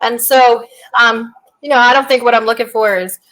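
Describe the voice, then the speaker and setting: A woman with a fairly high voice chats on a podcast in a blunt, animated way. She is a military veteran, and her stories are full of Southern slang. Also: normal speed, low-quality recording. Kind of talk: casual podcast chat.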